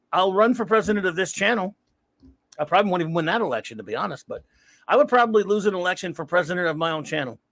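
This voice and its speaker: A man with a high-pitched, slightly bright voice hosts a casual livestream, rambling and reading the chat aloud while greeting viewers by name. The recording is dry.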